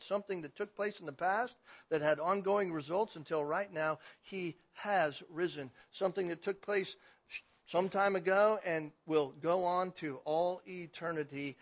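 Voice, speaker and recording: A man preaching a sermon in an animated way, swinging between loud emphasis and quiet passages. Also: fairly high pitch. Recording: dull lo-fi recording.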